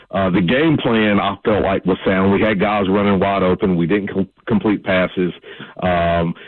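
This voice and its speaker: A man's voice: sits low, dry recording. A man calling in to a sports radio show, talking football in an emphatic, coaching way and saying "man" often. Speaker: caller. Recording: tinny phone line.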